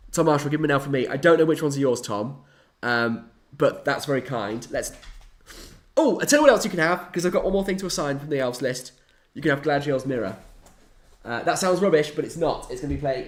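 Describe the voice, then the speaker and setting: A young man chatting casually on a live stream, animated and playfully dramatic. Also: medium pitch. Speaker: hobby streamer.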